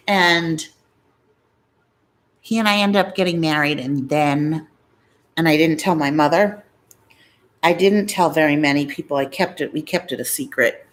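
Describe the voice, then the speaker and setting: A middle-aged woman with a notably low voice hosts a casual live-stream. She rambles happily from one story to the next and stops now and then to answer viewers' comments. She sounds relaxed and talkative, like she is chatting with friends. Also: unhurried, pauses often. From Massachusetts, USA. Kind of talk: casual live-stream chat while eating.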